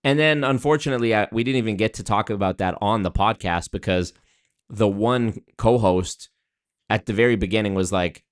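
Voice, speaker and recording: A man's voice: on the low side, moderate pace, clean tone. A man hosting his show, casually telling a story and acting out what others said. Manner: animated retelling with quoted voices. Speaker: host.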